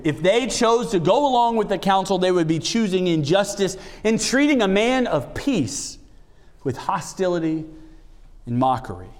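A man's voice: high voice, sing-song, normal speed. A man preaching a sermon, reading scripture aloud and then commenting on it. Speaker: pastor. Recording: long hall reverb.

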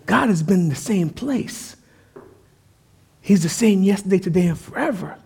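A man's voice: high voice, lively intonation, normal speed, creaky, darkish tone, breathy edge. A man preaching a sermon as pastor, in a casual, conversational style with frequent asides.

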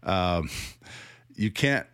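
A man from the American South with a Southern accent talks through a critical commentary in a lowish voice. He is sarcastic and laughs often, restarting his sentences as he goes. The sound is dry, with no room echo. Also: expressive, drawn-out words, fairly bright tone, smooth. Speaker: commentator on church teaching.

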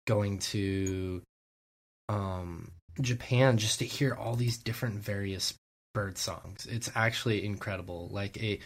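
A man's voice: lowish voice, a little slow. A man co-hosting a podcast, talking eagerly in long, rambling explanations. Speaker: podcast co-host. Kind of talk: casual podcast chat.

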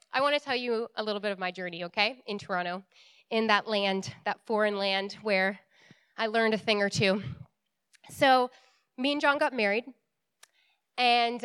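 A young woman telling a story in a casual, animated way, laughing often and full of likes and ums. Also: on the high side, moderate pace, pauses often, clear, resonant tone, no echo.

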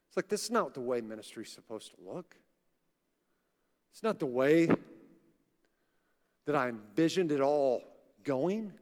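A man in his forties, a pastor preaching a sermon in a large church and telling personal stories in a conversational way, sometimes acting out the voices of people he quotes. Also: sits high. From Oklahoma. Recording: live church sound with long hall reverb.

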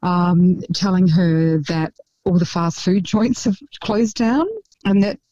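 A woman's voice: on the low side, slow, no room sound. Chatty woman with a dull, muffled sound. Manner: chatty, laughs often, animated storytelling. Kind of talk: casual chat.

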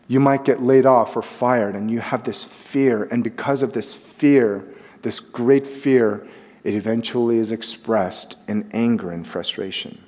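A middle-aged male pastor delivers a sermon in an easy, conversational manner, with lively acted-out quotes now and then. His voice sits at an ordinary pitch for a man. The sound carries a long reverb, as in a large church sanctuary.

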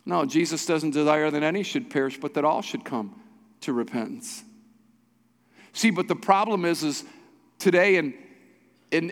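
A man's voice: a little high, normal speed, long pauses. A male pastor preaching a sermon with urgent, exhorting repetition. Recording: long hall reverb.

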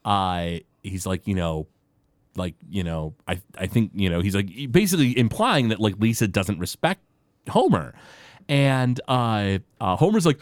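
A man co-hosting a casual podcast, retelling cartoon scenes with lots of fillers and quick impressions. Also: lowish voice, expressive, dry recording, clean studio sound. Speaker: podcast co-host. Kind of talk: casual chat recapping a cartoon episode.

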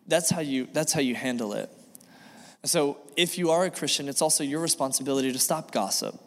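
A man's voice: on the high side, fairly quick. Man preaching in a reverberant hall. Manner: earnest, repetitive preaching with acted dialogue. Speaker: pastor. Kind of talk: sermon. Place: church sanctuary. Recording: long reverb of a church hall.

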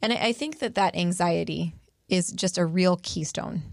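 Woman, gravelly low voice, dry close sound, chatty storyteller, casual conversation. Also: normal speed, no echo. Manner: chatty storyteller, many fillers and restarts.

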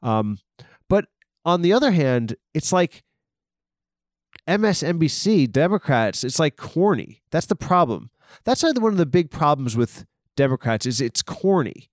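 A man rambling through a comedic monologue, swearing and breaking off his own sentences. His pitch jumps around constantly, from low mutters to high squeaks. The recording is dry and close, with no room sound. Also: sing-song, measured pace, no room sound. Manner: rambling, self-interrupting, swearing, mock-aggressive. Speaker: comedic podcast host.

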